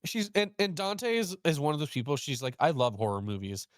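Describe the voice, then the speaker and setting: Young man telling animated stories. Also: brisk, no room sound, studio quality. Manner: animated, acts out quoted dialogue with pitch jumps. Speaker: host. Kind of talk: casual storytelling chat.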